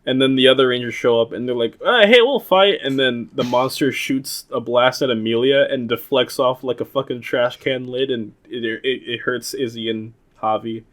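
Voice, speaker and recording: A man's voice: mid-range voice, little pitch movement, normal speed, hardly any pauses. A young man co-hosting a podcast, casually recapping an episode in a rambling, laughing way, swearing and acting out quoted lines. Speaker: podcast co-host.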